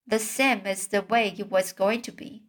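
A woman's voice: medium pitch, fairly even intonation, moderate pace, natural voice. A woman voicing a small, fussy mouse boy who is heartbroken, reading his lines aloud from a storybook in her own everyday voice. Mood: despairing.

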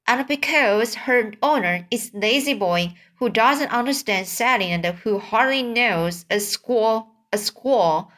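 A woman's voice: on the high side, expressive, slow, hardly any pauses, fairly bright tone. A woman voicing a grown man, a proud and fussy boat owner who grumbles and then turns hearty, in a storybook reading. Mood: grumbling.

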